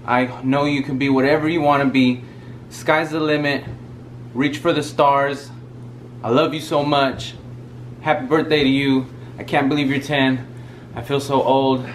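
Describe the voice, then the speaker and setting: A young man chats casually as a vlog co-host, playful and joking. His voice is mid-pitched, with a faint hiss of background noise. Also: little pitch movement, a little slow, long pauses, low-quality recording.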